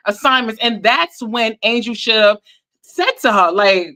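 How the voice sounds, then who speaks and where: A woman co-hosting a live reality-TV recap, talking in a casual, animated way with informal slang. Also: a little high, a little slow. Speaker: podcast co-host.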